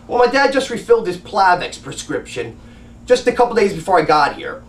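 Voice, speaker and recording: A man's voice: sits high, a little fast, recorded from a distance. A man telling a story about a doctor visit, worked up and acting out what everyone said. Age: adult with a grandmother and father living. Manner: agitated, animated retelling with acted-out quotes. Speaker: family advocate recounting a doctor visit. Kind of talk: casual personal storytelling. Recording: echoey room, voice away from mic.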